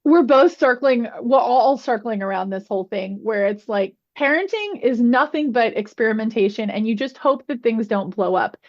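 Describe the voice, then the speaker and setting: Woman, podcast guest, earnest, slightly high voice, muffled lo-fi sound. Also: lively intonation, normal speed, hardly any pauses. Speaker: guest presenter. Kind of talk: casual podcast chat. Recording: muffled lo-fi audio.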